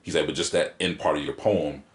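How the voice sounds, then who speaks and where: Deep-voiced man telling stories in a roomy space. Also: fairly quick. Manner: animated storyteller who acts out rhythms and quotes. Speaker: guest poet. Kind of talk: casual interview chat. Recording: roomy echo.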